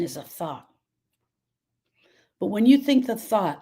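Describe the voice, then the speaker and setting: A woman's voice: mid-range voice, animated, a little slow, long pauses, mellow, husky. A woman coaching on grief in a live stream, answering viewers by name. She repeats her points with emphasis and often sidetracks. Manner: emphatic and repetitive, restating points, prone to sidetracks.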